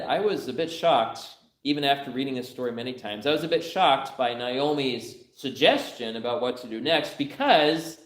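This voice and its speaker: Humorous young man preaching in a roomy church. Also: medium pitch. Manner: conversational, humorous storytelling with laughs. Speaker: pastor. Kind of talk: sermon. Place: church sanctuary.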